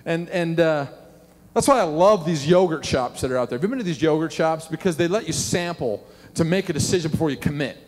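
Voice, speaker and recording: A middle-aged man, a pastor preaching a sermon and telling animated stories with questions to the congregation. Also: on the high side, fairly quick. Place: church sanctuary. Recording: long hall reverb.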